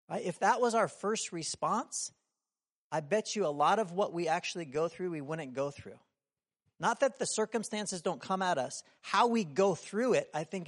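A man with a notably high voice delivers a sermon in a relaxed, conversational way. He keeps asking his listeners questions and acts out the people in his story, sometimes raising his voice to a shout. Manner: conversational, asks the room many questions. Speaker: preacher.

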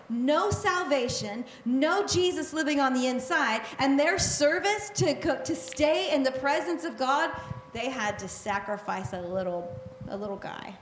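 High-voiced woman preaching a lively sermon. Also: echoey room, a little hiss or hum. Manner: animated and conversational, with quick asides and repetition.

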